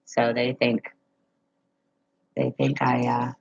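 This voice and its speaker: Low-voiced chatty woman livestreaming. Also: flat delivery, takes it slowly, creaky, darkish tone, slightly rough, highs cut off. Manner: rambling, chatty storytelling with frequent laughs. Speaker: livestreamer reading viewer comments. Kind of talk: casual live chat. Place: at home.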